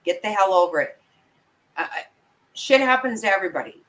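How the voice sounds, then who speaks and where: A woman's voice: medium pitch, lively intonation, fairly quick, fairly bright tone, poor audio. Angry, swearing woman ranting to viewers. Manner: angry, profane, emphatic ranting; talks to viewers and apologizes for the outbursts. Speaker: true crime commentator. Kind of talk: livestream reaction commentary.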